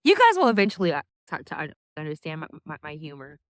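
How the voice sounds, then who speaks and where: A woman's voice: deep voice, huge pitch swings, fast talker, dry recording, studio quality. A young woman talking casually to a camera on a stand, chatty, laughing often and restarting her sentences. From United States. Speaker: vlogger.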